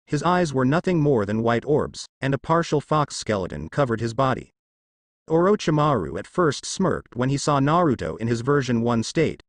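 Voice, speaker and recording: A man reading fan fiction aloud as a narrator, voicing every character in the same plain, steady way. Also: medium pitch, moderate pace, no echo.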